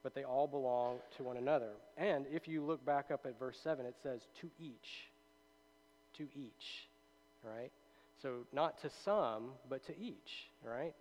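A man's voice: mid-range voice, normal speed, darkish tone, low-quality recording. A man teaching a Bible study in a loose, conversational way, reading passages aloud and checking in with his listeners. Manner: conversational, with many fillers and tag questions.

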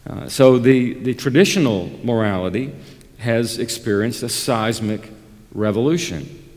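A man preaching from the pulpit in a deliberate, emphatic cadence, his pitch swinging widely as he presses his points. His voice carries with a long reverb, as in a large church sanctuary. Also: darkish tone. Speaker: pastor. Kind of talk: sermon.

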